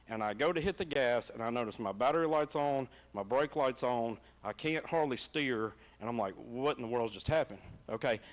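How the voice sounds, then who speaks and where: Folksy Southern pastor, higher voice. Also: male voice. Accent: Southern American. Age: middle-aged. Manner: folksy and animated, laughing at his own stories. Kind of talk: sermon with personal stories. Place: church.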